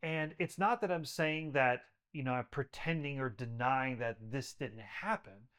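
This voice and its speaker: A man's voice: mid-range voice, measured pace, fairly bright tone, clean tone. A man who works with patients, speaking as a podcast guest in an earnest, emphatic way, building his points through repetition. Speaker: podcast guest, health practitioner. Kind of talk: conversational interview storytelling.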